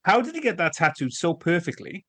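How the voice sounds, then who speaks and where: A man with a somewhat high voice co-hosts a casual film podcast. He sounds sarcastic and incredulous and swears now and then. The recording is close and dry. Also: very animated, fairly quick, a bit bright, no echo. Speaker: podcast co-host. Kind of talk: casual film review chat.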